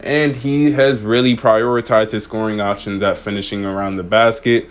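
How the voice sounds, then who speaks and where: Young male sports commentator, low voice, confident, argues his points and reels off stats. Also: steady tone, clean tone. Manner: confident, argumentative, reads stats off quickly. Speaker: basketball commentator.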